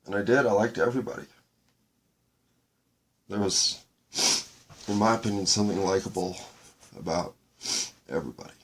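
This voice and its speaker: A man hosting a solo podcast, talking in a slow, halting way as he searches for words, his voice breaking with tears. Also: lowish voice. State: tearful, voice breaking. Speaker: podcast host. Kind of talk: reflective solo monologue.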